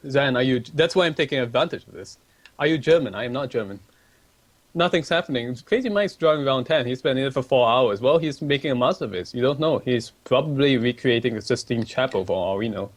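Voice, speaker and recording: A man's voice: mid-range voice, lively intonation, a little fast. A man on a livestream casually reading out chat messages and answering them, polite and a bit hesitant, with ums and restarts. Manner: polite and laid-back.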